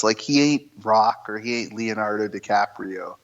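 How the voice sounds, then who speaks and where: A man's voice: lowish voice, normal speed, low-quality recording. A man co-hosting a podcast in casual, teasing chat.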